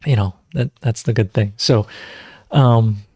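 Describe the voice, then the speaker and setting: A man's voice: fairly low pitch, measured pace, warm tone, slightly rough, dry recording, clean studio sound. A man hosting a casual livestream Q&A, rambling and conversational, full of fillers as he teaches natural farming.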